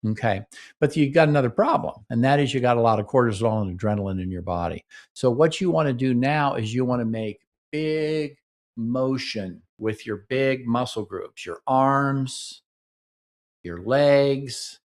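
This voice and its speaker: A man's voice: medium pitch, expressive, unhurried. Man coaching couples with "okay?" check-ins. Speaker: relationship therapist and podcast host. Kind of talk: instructional talk.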